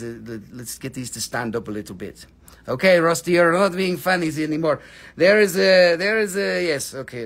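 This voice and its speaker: High-voiced joking man on a live sale. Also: a bit bright. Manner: joking, playful, chatty with viewers. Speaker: host of a live rock and mineral sale. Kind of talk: casual live-stream chat.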